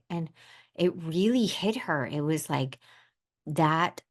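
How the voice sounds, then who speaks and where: A woman's voice: deep voice, lively intonation, slow pace. A woman hosting a podcast, talking bluntly and emphatically in a solo monologue. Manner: emphatic, blunt, acts out quoted voices. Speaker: podcast host.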